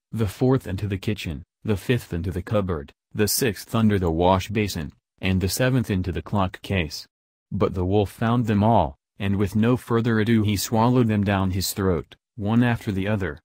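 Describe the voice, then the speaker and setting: A man calmly reading a fairy tale aloud as bedtime story narration. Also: fairly low pitch, dry recording, clean studio sound. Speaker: storybook reader.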